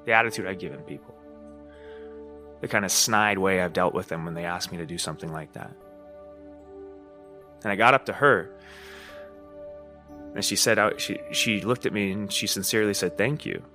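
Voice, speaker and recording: A man's voice: low-pitched, moderate pace, pauses often, sharp tone, faint music behind. A man hosting a podcast, talking through a personal story in a candid, profane, rambling way, often asking "you know what I mean?". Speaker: podcast host. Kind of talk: casual monologue.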